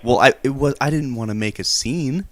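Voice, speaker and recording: A man's voice: mid-range voice, a little fast, a bit bright. A man on a live stream prank call, telling a rambling, hesitant story and defending himself in a mock-earnest tone. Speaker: prank caller.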